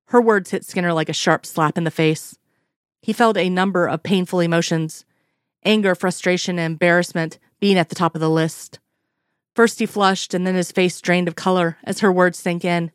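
Woman narrator, lower range, dry close mic, steady story reading. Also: moderate pace, smooth, no echo. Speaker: reader. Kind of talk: fan fiction read aloud.

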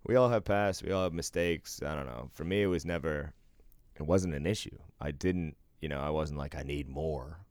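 A man's voice: extremely low pitch, normal speed, a little mellow, no echo. A middle-aged man co-hosting a casual podcast chat, laid-back, swearing freely and laughing often. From eastern US. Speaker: podcast co-host.

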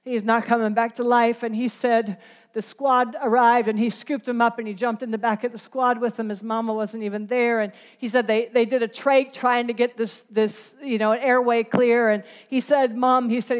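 A middle-aged woman preaching a sermon, telling a story and building to impassioned emphasis. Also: high voice.

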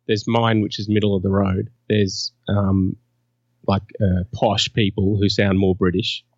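A man with an Australian accent chatting casually on a podcast, measured and a bit hesitant. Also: fairly low pitch, flat delivery, a little mellow, no echo. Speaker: podcast co-host. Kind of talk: casual chat. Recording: dull lo-fi sound.

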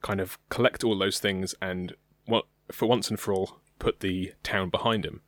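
A young British man co-hosts a podcast, chatting casually and hesitantly with plenty of ums. His low voice holds a steady tone, fairly bright, at a moderate pace, and there's no room sound.

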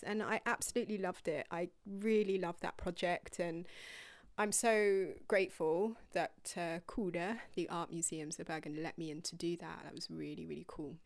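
A woman's voice: on the low side, dry recording. A woman who is a yoga teacher and coach, talking in a casual podcast monologue. She is candid and rambling, laughs often and apologizes in a self-deprecating way.

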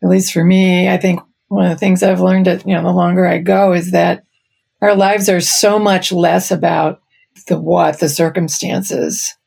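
A woman hosting a faith podcast, responding to her guest in an affirming, thoughtful and unhurried way. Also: fairly low pitch, little pitch movement, vocal fry, a little mellow, slightly rough. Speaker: podcast host. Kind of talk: casual faith podcast chat.

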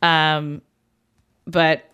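A woman's voice: low-pitched, level tone, drawn-out words, pushed and bright, clean tone. A woman co-hosting a casual podcast, wry and opinionated, swearing casually. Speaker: podcast co-host. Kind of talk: casual chat.

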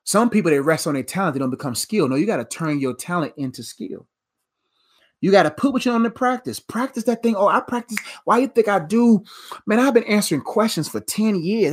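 A man preaching a casual, slangy sermon, swinging between emphatic bursts and hushed asides. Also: high voice, animated, brisk. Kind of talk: sermon with live Q and A.

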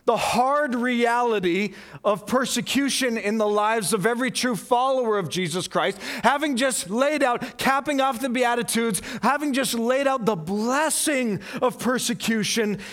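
High-voiced earnest preacher man. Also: measured pace, few pauses, a bit bright. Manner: earnest, building emphasis with repeated questions. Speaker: pastor. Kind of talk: sermon.

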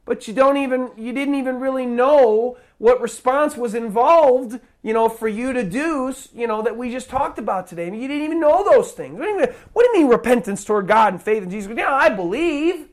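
A preacher in the middle of an evangelistic sermon, urging listeners with an insistent, pleading delivery. The voice sits at a middling pitch and keeps doubling back on its words, repeating and restarting phrases as it pushes toward a call to respond. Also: animated, fairly quick, hardly any pauses, a little mellow. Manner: pleading, repetitive and urgent.

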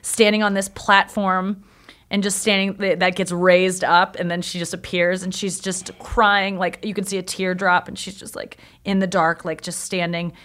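A woman's voice: fairly low pitch, little pitch movement, normal speed, a bit bright. A woman stand-up comedian in casual conversation, candid and chatty, telling stories and acting out quoted lines. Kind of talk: casual podcast chat.

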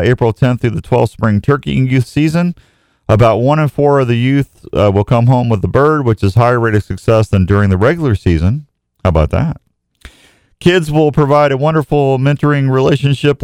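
A man hosts an outdoors show in relaxed live chat. He rambles in a folksy, eager way. His voice is smooth and resonant, recorded dry with no room sound. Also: mid-range voice, dry recording.

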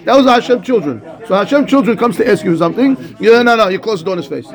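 Man, rabbi, high voice, rapid lively teaching, acts out dialogue. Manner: animated, acts out dialogue, mixes Hebrew texts. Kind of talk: Torah class.

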